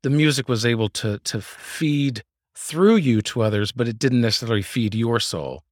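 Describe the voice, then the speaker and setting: Gentle, reflective male interviewer. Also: mid-range voice, lively intonation, moderate pace, no echo, studio quality. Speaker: singer.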